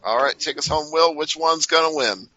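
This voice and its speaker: A man's voice: fairly high pitch, normal speed, pushed and bright. A man hosting a casual podcast chat, blunt and keeping the panel moving. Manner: blunt, moves the panel along. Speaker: podcast host. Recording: dull dry lo-fi audio.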